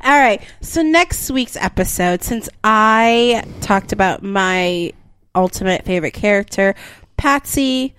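A woman's voice: mid-range voice, slow, clear, resonant tone. A woman co-hosting a podcast, chatting casually and steering the conversation along. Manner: lively, steering the talk. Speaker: podcast co-host. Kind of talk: casual chat.

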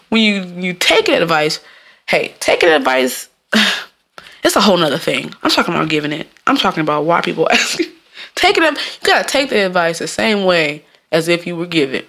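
A Jamaican woman hosts her own podcast in a casual solo monologue, rambling and laughing often. Her voice is fairly low and a bit bright, with big pitch swings and a brisk pace.

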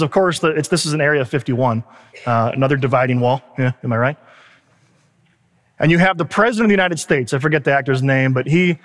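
A pastor giving a sermon, telling a story in an animated way with asides and quick laughs. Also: male voice, a little high, long reverb tail.

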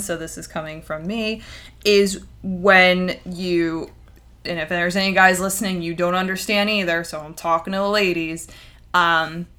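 A woman co-hosting a casual podcast, chatty and animated, who acts out quoted voices as she talks. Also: fairly low pitch. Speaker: podcast co-host.

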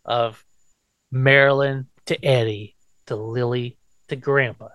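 A man's voice: medium pitch, steady tone, slow pace, no room sound, lo-fi sound. A man casually recapping a TV episode, acting out quotes in silly voices. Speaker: podcast host recapping an episode.

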